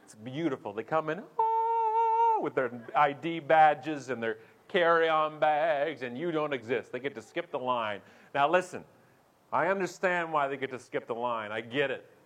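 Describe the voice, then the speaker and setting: A man's voice: fairly high pitch, moderate pace. A man giving a keynote talk as a speaker and show host, telling a funny story and acting out the voices of the people in it. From Canada. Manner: animated, acts out voices with big swings.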